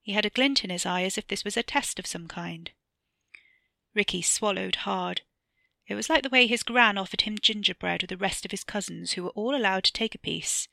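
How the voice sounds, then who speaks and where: A woman narrating her own short story aloud, measured and even. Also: medium pitch, creaky, no echo. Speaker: author reading her story.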